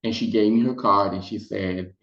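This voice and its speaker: A man telling a personal story in casual vlog style, acting out the people he quotes. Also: moderate pace. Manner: animated, acts out quotes in high voices. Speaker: storytime vlogger. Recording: roomy, dull lo-fi sound.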